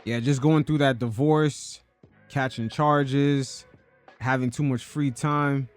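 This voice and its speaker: A man's voice: mid-range voice, fairly even intonation, slow pace, clear, resonant tone, soft background music. A man hosting a podcast, giving casual, joking commentary on an interview clip. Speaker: podcast host.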